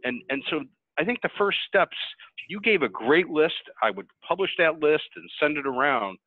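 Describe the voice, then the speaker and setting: Man, webinar panelist, lively storytelling voice, dry tinny phone-line sound. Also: a little high, normal speed, no room sound. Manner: animated, conversational storyteller. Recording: tinny phone-like call audio.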